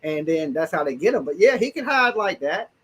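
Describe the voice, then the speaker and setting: Slangy high-voiced male call-in host. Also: big pitch swings, fairly quick, husky. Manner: blunt, slangy storytelling with swearing. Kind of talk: casual live call-in chat.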